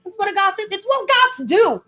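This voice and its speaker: Woman podcast host, high voice, chatty, playful, quick to laugh. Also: very animated, sharp tone. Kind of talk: casual chat.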